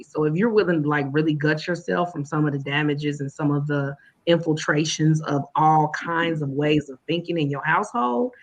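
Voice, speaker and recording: A woman educator who talks in a casual way, telling stories and quoting her students and herself. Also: deep voice. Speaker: educator and guest. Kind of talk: casual podcast talk.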